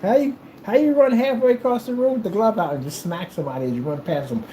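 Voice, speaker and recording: A man from the United States ranting to camera in a casual monologue, theatrical and animated, slipping into mock old-fashioned formal speech. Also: high voice, fast talker, slight background noise, poor audio. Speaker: video creator.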